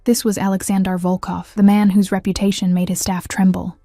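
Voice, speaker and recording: A woman reading first-person audiobook narration in an even, measured way. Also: mid-range voice, dry recording, clean studio sound, soft background music.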